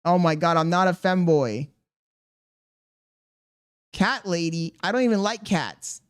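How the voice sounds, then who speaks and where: A man's voice: high voice, animated, a little slow, smooth. A young man livestreaming, talking casually and defensively to his chat, rambling and firing questions back at them.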